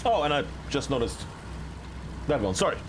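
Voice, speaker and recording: A man giving live play-by-play commentary on a video game match, chatty and excitable with many fillers. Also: medium pitch, normal speed, background noise. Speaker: esports caster.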